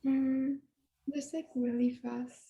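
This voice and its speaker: A woman's voice: sits high, level tone, takes it slowly, dark tone. A woman piano student giving brief, hesitant answers to her teacher.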